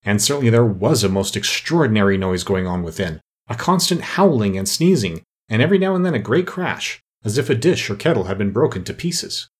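A man narrating an audiobook with an expressive, varied delivery. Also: medium pitch, a little fast, few pauses, slightly rough.

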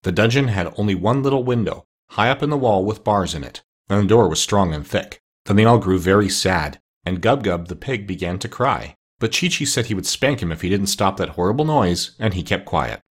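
A man reading a children's novel aloud as an audiobook, in a steady storytelling manner. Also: fairly low pitch, a little fast, hardly any pauses, breathy edge. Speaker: narrator.

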